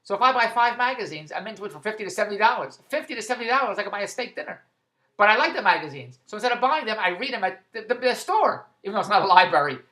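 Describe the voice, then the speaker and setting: A man's voice: high voice, lively intonation, racing, sharp tone. A man in a rambling monologue vlog, stumbling and restarting as he goes, amused at his own tangents. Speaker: vlogger.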